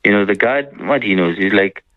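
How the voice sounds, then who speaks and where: Man, mufti, fairly low voice, dry radio studio sound, relaxed storytelling. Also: fairly quick, no echo, poor audio. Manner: relaxed storytelling, acts out quoted people with slang. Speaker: mufti answering questions. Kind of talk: radio religious Q&A chat.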